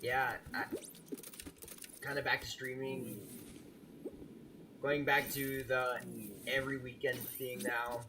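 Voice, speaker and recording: A man's voice: medium pitch, flat delivery, slow, long pauses, background noise. A young man streaming a game live, chatting casually and teasing his viewers. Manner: playful, teasing, restarts often, laughs at chat.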